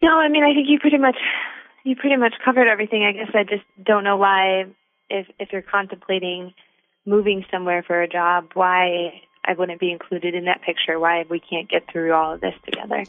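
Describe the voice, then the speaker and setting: A woman's voice: medium pitch, steady tone, a little fast, no echo. A woman calls in over a tinny phone line, and her voice sounds thin and dry. She speaks hesitantly and earnestly, searching for words. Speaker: caller.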